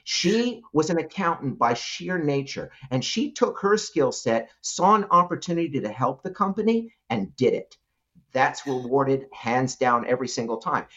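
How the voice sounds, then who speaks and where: A man's voice: mid-range voice, lively intonation, moderate pace, a bit bright. A middle-aged man talks as an interview guest, telling a story with lots of swing in his voice and frequent laughs. He restarts words often and keeps it casual. The recording sounds a little dull and lo-fi. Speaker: guest, entrepreneur.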